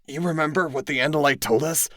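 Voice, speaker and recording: A man's voice: on the high side, fairly even intonation, fast, bright, forceful tone, dry recording, clean studio sound, voice pushed up. A man doing Tobias, an earnest teenage boy. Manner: earnest, explaining, lifted voice. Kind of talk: solo audiobook acting.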